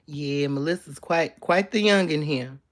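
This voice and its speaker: Young woman, low-pitched, playful and sassy streamer reading comments. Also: a little slow. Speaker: live streamer. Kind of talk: casual chat reading viewer comments. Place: bedroom, in bed.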